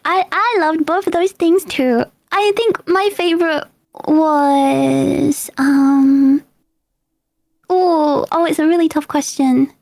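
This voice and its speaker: A woman's voice: high-pitched, slow pace, gravelly, a little mellow, no room sound. A young British woman hosting a casual stream chat, giggly and chatty, with many fillers. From United Kingdom. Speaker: streamer host.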